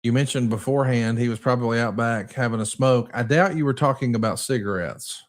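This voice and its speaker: A man's voice: mid-range voice, a little fast. A man hosting a casual podcast, describing old match footage and asking his co-host questions. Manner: leads with questions, narrates footage.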